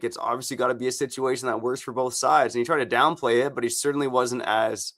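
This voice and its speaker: A man co-hosting a hockey podcast, talking casually with energetic slang and hype outbursts. His voice is bright and forceful, sitting in a middle pitch. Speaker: podcast co-host and hockey reporter. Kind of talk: casual podcast chat with a read ad.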